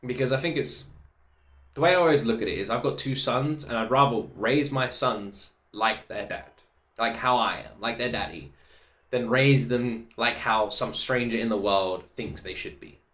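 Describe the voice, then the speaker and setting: A man in his thirties hosting a reaction video, openly emotional and excitable, repeating himself in quick bursts. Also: mid-range voice, roomy sound. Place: home room.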